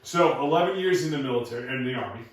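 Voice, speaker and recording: A man's voice: mid-range voice, expressive, quick pace. A man hosting a podcast, telling stories in a laid-back, easygoing way. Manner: laid-back storyteller, laughs easily. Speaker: podcast host. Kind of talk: casual interview conversation. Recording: echoey room, far from the mic.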